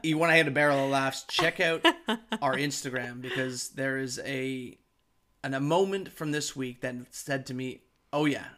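A man's voice: medium pitch, moderate pace, sharp tone. A man co-hosting a podcast, casually explaining football news to his co-host with enthusiasm and plenty of fillers. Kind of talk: casual chat.

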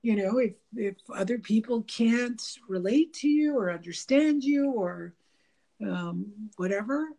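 A woman's voice: fairly high pitch, a little slow, vocal fry. A woman talking casually about relationships, rambling with many fillers and restarts, laughing and acting out bits of dialogue. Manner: animated, laughing, mimics dialogue.

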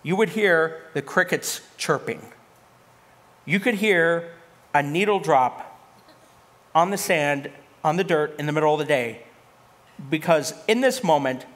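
A man's voice: on the high side, a bit bright. A man preaching a sermon as a pastor, talking conversationally to the congregation and mixing in humorous asides.

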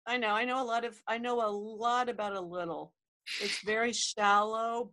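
A woman's voice: fairly high pitch, very animated, a little fast, pushed and bright. A woman with a nasal voice, fighting a cold, co-hosting a podcast in chatty, self-deprecating talk. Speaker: podcast co-host. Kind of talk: casual chat.

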